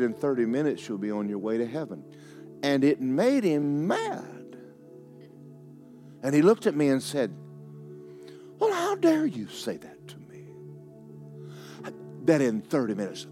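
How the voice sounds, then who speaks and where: A man's voice: medium pitch, a little mellow. A man preaching a sermon as pastor, telling a story with emphatic, rising delivery.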